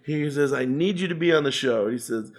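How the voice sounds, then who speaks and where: A man's voice: medium pitch, a little fast. An older man, a musician guest in an interview, animatedly telling a story and acting out the voices of the people in it.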